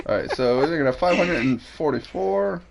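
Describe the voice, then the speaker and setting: Crude, lively young man streaming. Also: on the high side, moderate pace, creaky, background noise. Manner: crude, joking, thinks aloud about weapon stats. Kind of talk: casual gaming chat.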